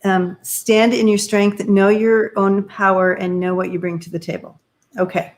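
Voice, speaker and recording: A woman doing tarot readings on a live stream, talking in a halting, searching way with many fillers while giving gentle advice. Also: medium pitch, little pitch movement. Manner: encouraging, gives gentle advice. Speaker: tarot reader.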